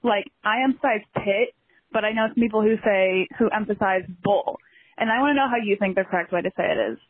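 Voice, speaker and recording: A woman's voice: mid-range voice, brisk. A woman leaving a friendly, chatty recorded voicemail question for a podcast. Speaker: listener caller. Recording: tinny phone-line voicemail.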